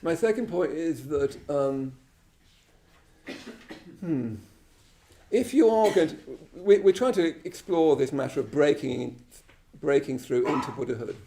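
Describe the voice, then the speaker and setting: A man's voice: a little high, animated, measured pace, mellow, slight background noise. An English man giving an informal Buddhist talk to a live class, chatty and self-deprecating, often checking in with "you know" and "yeah?". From England. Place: shrine room at a Buddhist centre, live class.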